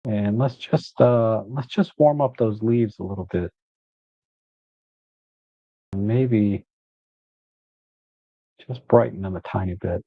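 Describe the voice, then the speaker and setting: A man hosting a live photo editing walkthrough, relaxed and thinking aloud as he works. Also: lowish voice, takes it slowly, long pauses, husky, no room sound, lo-fi sound.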